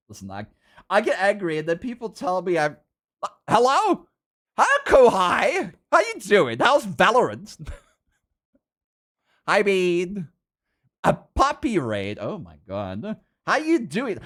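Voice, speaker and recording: A man, chatting casually with his live-stream viewers while drawing, laughing often and getting animated. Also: on the high side.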